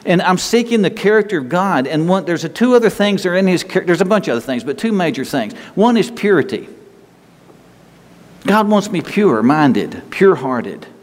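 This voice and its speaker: A man's voice: sits high, very animated, normal speed, in a large hall. A man pastor preaching a sermon in an earnest, conversational way, often repeating and restarting his words.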